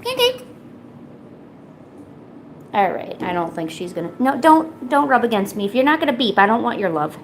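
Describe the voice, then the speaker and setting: A young woman streaming, coaxing and teasing her cat in a playful, high-pitched baby-talk voice. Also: animated, fast talker, few pauses, slight background noise. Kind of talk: live-stream chat.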